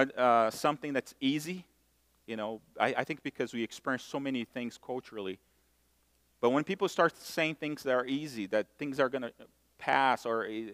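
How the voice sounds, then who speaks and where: A middle-aged man from Brazil, preaching a sermon and telling stories in a self-mocking, animated way. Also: mid-range voice. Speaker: pastor. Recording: long hall reverb.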